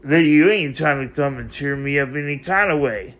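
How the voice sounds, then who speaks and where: A slightly bright man's voice on the high side speaks at normal speed in an off-the-cuff vlog monologue. Emotional and rambling, he confronts an absent person and keeps coming back to the same phrases.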